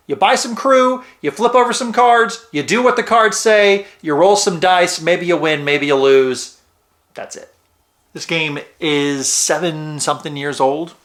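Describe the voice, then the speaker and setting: A man's voice: on the high side, fairly bright tone. A man giving a casual, rambling and jokey board game review, talking straight to his viewers.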